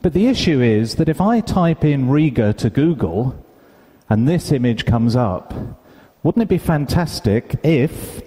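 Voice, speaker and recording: A man from the UK giving a conference talk, an animated storyteller who acts out the dialogue in his anecdotes. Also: mid-range voice, measured pace. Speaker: conference speaker. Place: large conference hall. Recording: hall reverb, live stage sound.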